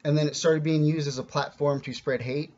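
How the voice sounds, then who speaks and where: Earnest rambling man, slightly high voice. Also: fairly even intonation, a little fast, a little mellow, lo-fi sound, slight background noise. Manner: rambling and earnest, with frequent restarts and casual swearing. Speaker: spiritual teacher. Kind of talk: casual spoken teaching.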